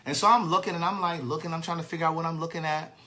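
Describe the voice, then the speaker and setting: A man tells a personal anecdote straight into the camera. His voice is bright and sits a little high. His delivery is loose and chatty, with swearing and easy laughter at his own expense. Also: steady tone, racing. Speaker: author and live-streamer. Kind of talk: casual storytelling monologue.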